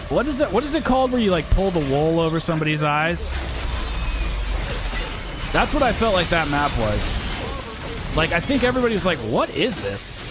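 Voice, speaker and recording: A man's voice: high-pitched, big pitch swings, a little fast, long pauses, noisy background. A man streaming a video game, chatting casually with a rambling, self-deprecating manner. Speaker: gaming streamer and YouTuber. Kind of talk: casual livestream chat while playing. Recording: loud game music under the voice. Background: game music and sound effects.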